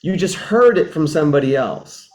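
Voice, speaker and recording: A man's voice: on the high side, expressive, normal speed, slight background noise. A man speaking as a relationship mentor, explaining in an earnest, reflective way and often restating his points. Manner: reflective, repeats and rephrases, acts out sample dialogues. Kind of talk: earnest teaching talk.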